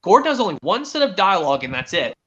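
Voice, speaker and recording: A man's voice: high-pitched, sing-song, quick pace, fairly bright tone, highs cut off. A man streamer in casual chat, rambling with lots of restarts. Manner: rambling, full of restarts and fillers.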